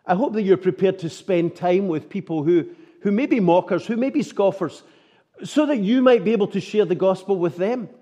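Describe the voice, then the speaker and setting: A man's voice: high voice, normal speed, dark tone, highs cut off. A man preaching a sermon, earnest and full of rhetorical tag questions.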